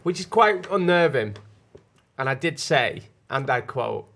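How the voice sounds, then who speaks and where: A man co-hosting a podcast, telling stories in quick, casual banter with frequent restarts. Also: medium pitch, expressive, creaky, a bit bright. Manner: chatty, quick storytelling with restarts. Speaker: podcast co-host.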